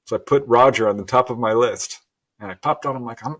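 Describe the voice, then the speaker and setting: A middle-aged man as a guest, telling a personal story earnestly and with animated laughs. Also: medium pitch, quick pace, breathy edge. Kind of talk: storytelling interview.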